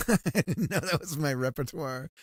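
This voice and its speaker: A man's voice: a little high, husky, dry recording, studio quality. A man chatting casually on a livestream while working on a game, rambling and laughing often, with many restarts. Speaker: streamer.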